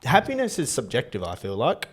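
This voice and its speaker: Young man, Australian accent, podcast co-host, casual chat, blunt, swears a lot, quick delivery. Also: medium pitch, husky. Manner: blunt, swears freely, animated.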